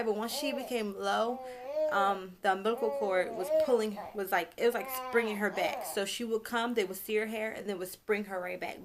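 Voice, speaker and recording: A woman's voice: mid-range voice, fairly bright tone. A young woman vlogging at home, telling a story casually, rambling, backtracking and apologizing as she goes. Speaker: vlogger, new mother.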